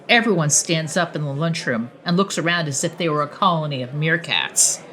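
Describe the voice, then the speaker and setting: A woman narrating her own audiobook in first person, expressive and conversational. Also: a little fast, hardly any pauses. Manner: expressive, swings pitch widely for dialogue.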